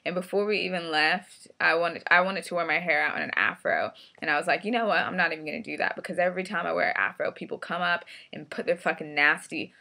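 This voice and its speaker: A woman's voice: on the low side, gravelly, pushed and bright. A woman vlogger telling a story in a casual, blunt, profane and frustrated way.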